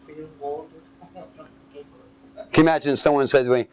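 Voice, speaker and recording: Speaking at a normal speed in a steady, medium-pitched voice, a man preaches a sermon. His tone is clean and a little mellow, with no room sound. He reads scripture aloud, follows it with commentary, and invites listeners to fill in missing words.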